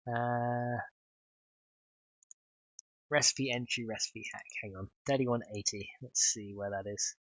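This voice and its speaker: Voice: medium pitch, fairly even intonation, slow pace, long pauses, a bit bright, no room sound, dull audio. A streamer, chatting casually while coding a game mod, giggly and rambling and swearing freely.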